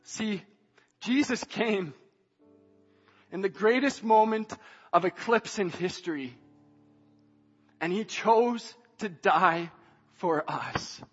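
High-voiced male preacher in a reverberant hall. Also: slow, pauses often. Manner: swings from hushed reading to shouted emphasis. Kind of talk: sermon. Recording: dull sound, long hall reverb, faint music.

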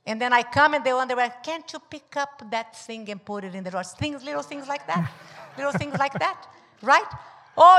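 High-voiced woman preaching in a reverberant church. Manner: animated, acts out little scenes, laughs often, shouts at times. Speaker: pastor preaching with her husband. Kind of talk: sermon. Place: church hall. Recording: long hall reverb in a church.

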